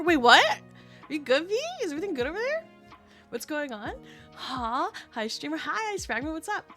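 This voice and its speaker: A woman livestreamer chatting casually with her viewers, excitable and chatty, swearing often. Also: high voice. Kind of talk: casual live-stream chat.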